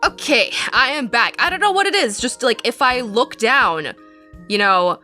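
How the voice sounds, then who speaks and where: A woman's voice: on the high side, animated, moderate pace, sharp tone, soft background music. A woman giving casual, chatty and self-mocking let's-play commentary on a desk mic, with a runny nose. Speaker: game streamer.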